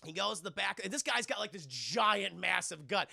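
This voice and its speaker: A man's voice: sits high, expressive, normal speed, creaky, bright, forceful tone, no echo, clean studio sound. A man recapping a film scene by scene to his live chat, rambling, profane and mocking. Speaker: streamer reviewing a film.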